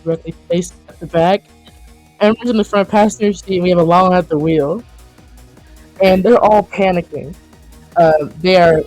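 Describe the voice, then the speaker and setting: A woman's voice: fairly low pitch, a little mellow. A woman narrating a tabletop game as game master, describing scenes in a hesitant way full of fillers.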